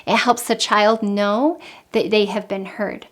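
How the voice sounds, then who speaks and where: A woman giving calm, earnest parenting advice in an instructional talk, repeating her key points. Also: mid-range voice, unhurried. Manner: calm, earnest, with frequent repetition. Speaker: parenting coach.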